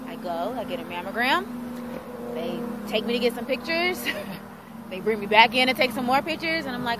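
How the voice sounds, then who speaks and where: A woman's voice: a little high, lively intonation, brisk, background noise. A woman in her thirties, a radio host, telling her personal testimony in an earnest storytelling way and acting out the voices in her story. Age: 30s.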